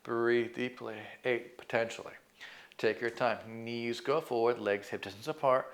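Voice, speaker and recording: Male fitness coach, mid-pitched, calm and patient, talks students through each move. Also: measured pace. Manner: calm, coaching cues with counting and encouragement; self-deprecating asides. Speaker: fitness instructor. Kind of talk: exercise class instruction.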